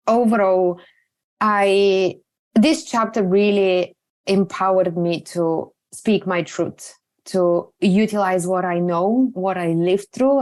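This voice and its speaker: A woman guest speaking on a remote podcast interview, earnest and reflective, with halting restarts. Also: lowish voice, a little mellow.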